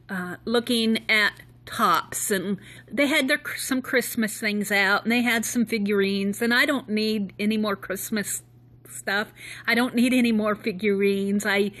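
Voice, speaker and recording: A woman's voice: mid-range voice, bright, forceful tone. A woman chatting casually into a hand-held phone, rambling along with little laughs. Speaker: vlogger.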